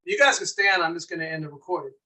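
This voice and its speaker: A man's voice: on the high side, very fast, a loud crowd. A man hosting a casual podcast chat, laid-back and slangy, often laughing. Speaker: podcast host.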